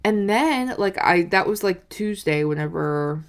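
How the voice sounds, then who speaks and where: A woman's voice: medium pitch, a little slow. A woman in her twenties telling a dating story in a rambling, casual way, with lots of "like" and "you know". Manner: animated, acts out quoted lines. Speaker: vlogger.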